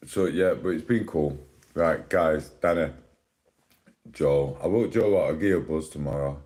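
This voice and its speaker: A man's voice: very deep voice, moderate pace, a little mellow. A man on a casual live stream at home, rambling and complaining in an exasperated way, talking into a phone.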